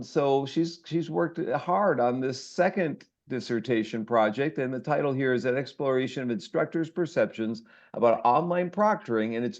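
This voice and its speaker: A man leads an online class, introducing a guest in a loose, rambling way that is full of fillers and restarts. His voice sits at a middling pitch. The sound comes over a video call and is dull and lo-fi. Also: darkish tone. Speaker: course instructor and host. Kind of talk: casual online class talk.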